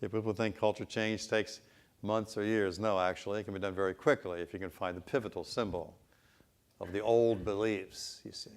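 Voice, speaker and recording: A man with a somewhat low voice presents at a business conference. He talks as a consultant, telling anecdotes in a loose, conversational way with rhetorical asides to the audience. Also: clean tone.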